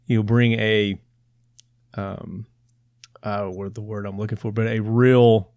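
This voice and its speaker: A man from Tennessee with a Southern accent, hosting a podcast and chatting in quick asides. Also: on the low side, little pitch movement, a little mellow, no echo, studio quality. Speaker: podcast host. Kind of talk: casual interview talk.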